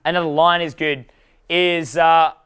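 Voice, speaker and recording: A man's voice: a little high, steady tone, unhurried, fairly bright tone, smooth. A young adult man leading a live dating workshop, rambling and profane, laughing at his own jokes. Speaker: dating coach.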